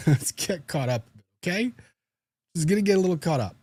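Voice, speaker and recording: A man's voice: fairly high pitch, animated, fairly quick, pauses often, darkish tone, husky, no echo. A man who is a lawyer, hosting a casual livestream, chatting and reading viewer comments in a joking, self-deprecating way.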